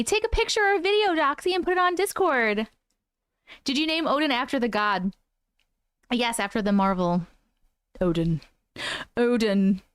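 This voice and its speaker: A woman's voice: on the high side, clean tone, no echo. Chatty woman live-streaming from home. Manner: chatty, laughs often, coos at her cat. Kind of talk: casual live-stream chat with viewers.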